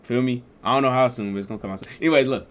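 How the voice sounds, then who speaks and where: A man's voice: mid-range voice, racing, a little hiss or hum. A young man casually telling a storytime vlog in loose, slangy talk with lots of fillers. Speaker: streamer and vlogger.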